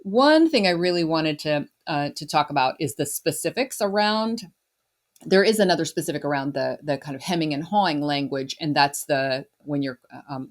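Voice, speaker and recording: A woman's voice: low-pitched, normal speed. A woman hosting a podcast, talking casually and frankly, with fillers and restarts. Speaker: podcast host. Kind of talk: podcast conversation.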